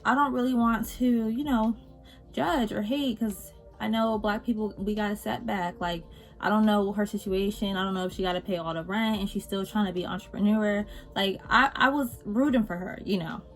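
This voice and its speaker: An animated young woman vlogger tells a casual storytime as she does her makeup. She swears freely and swings between loud exasperation and low, muttered asides. Her pitch sits mid-range, with faint music playing underneath. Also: moderate pace.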